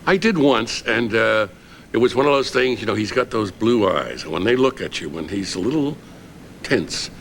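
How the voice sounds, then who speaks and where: A man's voice: lowish voice, moderate pace, a little hiss or hum. A man telling an anecdote as a talk show guest, acting out what others said. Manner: animated, acts out quotes. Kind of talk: anecdotal storytelling.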